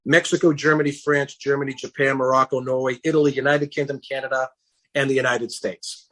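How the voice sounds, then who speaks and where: A middle-aged man being interviewed on a casual podcast, telling his story in an animated way and acting out the dialogue he quotes. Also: medium pitch, brisk. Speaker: guest, campaign founder.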